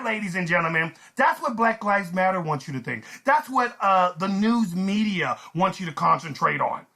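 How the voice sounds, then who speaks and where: A man ranting to the camera in a sarcastic, heated way, with a high voice that swoops up and down. His tone is bright and sharp, and his delivery is animated throughout. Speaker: channel host. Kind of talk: ranting commentary vlog.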